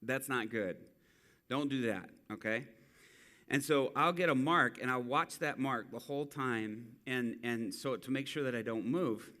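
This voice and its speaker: Guy preaching in church, bright voice, tells stories and acts out what people said. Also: mid-range voice, unhurried. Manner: animated storyteller acting out quotes. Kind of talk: sermon storytelling.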